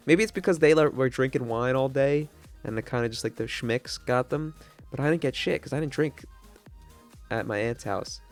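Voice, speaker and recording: A young man, casually telling a long rambling story to his stream chat, with lots of restarts and swearing. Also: medium pitch.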